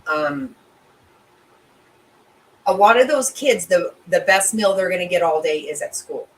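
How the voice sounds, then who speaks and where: A woman's voice: fairly low pitch, expressive, unhurried, echoey room. A middle-aged woman hosting a casual livestream and reading viewers' comments, emotional and sympathetic, rambling with restarts. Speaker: livestream host reading chat. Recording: voice a bit distant from mic with faint ambient noise.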